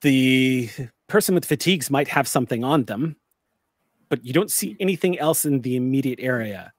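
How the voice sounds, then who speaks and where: A man as game master, narrating a tabletop game with vivid, deliberate description. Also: medium pitch, animated, no room sound, clean studio sound.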